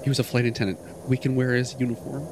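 Deadpan man pitching absurd plans. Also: fast talker. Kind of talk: improvised comedy sketch. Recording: faint background noise.

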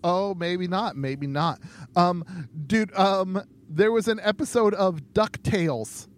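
A young man co-hosts a podcast in a loose, casual chat. His voice sits a little high, and he meanders through his points with plenty of ums and offhand jokes. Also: takes it slowly. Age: young adult. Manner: rambling, many ums, laid-back joking. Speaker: podcast co-host.

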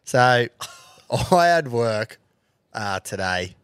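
A man's voice: medium pitch, very animated, very slow, a bit bright, smooth, dry recording, clean studio sound. A man with an Australian accent hosting a podcast, telling crude stories in casual banter and laughing often. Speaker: podcast host. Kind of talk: casual pub-style banter.

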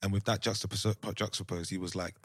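A man's voice: low voice, flat delivery, fairly quick, no echo, clean studio sound. A man co-hosting a podcast in casual group discussion, thinking aloud and often restarting his sentences. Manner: thoughtful, trails off and restarts mid-thought. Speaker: podcast co-host.

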